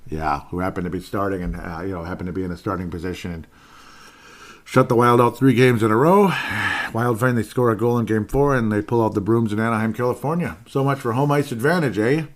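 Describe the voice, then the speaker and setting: A man hosting a solo sports podcast, rambling and excitable, often repeating himself. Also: lowish voice, brisk.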